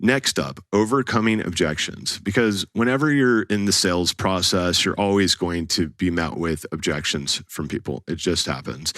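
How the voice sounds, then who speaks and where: A man's voice: deep voice, fairly bright tone, no room sound, clean studio sound. A man giving a blunt, casual sales talk as a real estate broker, often laughing at his own stories. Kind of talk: instructional talk to camera.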